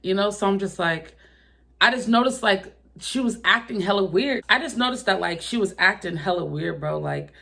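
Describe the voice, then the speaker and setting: A young woman retells a personal drama straight to camera, swearing freely and punching key moments with loud, incredulous outbursts. Her voice sits in a middle pitch and moves in a relaxed, conversational rhythm. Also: moderate pace, vocal fry. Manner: profane, animated retelling with exaggerated quoted outbursts. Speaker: storytime vlogger. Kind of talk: casual storytime vlog.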